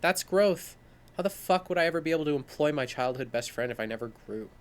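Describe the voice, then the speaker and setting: A man's voice: a little high, fast. Casual swearing male podcast co-host. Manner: swears freely, animated storytelling with laughs. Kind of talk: casual conversation.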